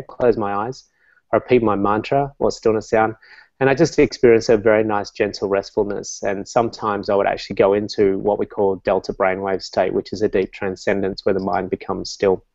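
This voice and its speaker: A man, a meditation coach talking calmly and telling stories as an interview guest, with many fillers. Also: lowish voice, no echo, dull audio. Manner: calm, storytelling, many fillers.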